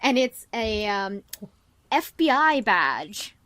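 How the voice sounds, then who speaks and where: Slow-talking woman game master. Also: a little high, no echo. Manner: relaxed, halting narration with fillers. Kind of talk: narrating a tabletop game.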